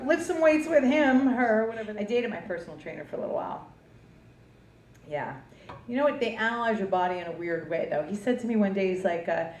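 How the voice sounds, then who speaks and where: A woman's voice: on the high side, expressive, brisk, a little mellow. A woman from New Jersey performing a brash, profane stand-up comedy routine on a club stage before a live audience. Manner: brash, profane, punchy delivery. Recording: roomy club recording from a distance, audience noise.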